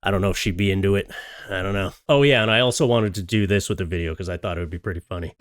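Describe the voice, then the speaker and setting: A man's voice: low voice, very fast, clear, resonant tone, no echo, studio quality. A man hosting a comedic reaction commentary on viral videos, joking with sarcastic asides.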